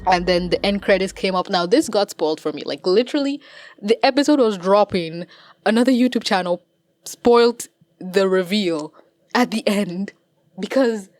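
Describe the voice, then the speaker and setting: A woman giving casual reaction commentary on a cartoon episode, excitable, laughing and swearing often. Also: mid-range voice, no room sound. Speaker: reaction video host.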